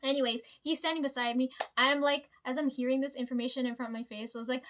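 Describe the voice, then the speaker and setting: A woman's voice: sits high, steady tone, fast, few pauses, fairly bright tone. Rambling, profane young woman storyteller. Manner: rambling, profane, fillers like "right?" and "like". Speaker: vlogger. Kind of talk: casual storytelling to viewers.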